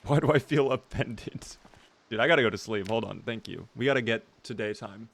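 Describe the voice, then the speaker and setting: A young man commentating his live game stream, excitable and reactive, often thanking viewers. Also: medium pitch, a little fast, gravelly.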